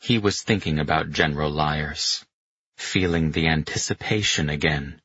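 A man narrating an audiobook in a measured, grave manner, in a slightly dull, lo-fi recording. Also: rumbling low, fairly bright tone, slightly rough.

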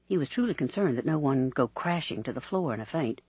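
Male audiobook narrator, animated, husky edge; dry, lo-fi studio sound. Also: mid-range voice, brisk, hardly any pauses, no echo. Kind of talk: scripted narration.

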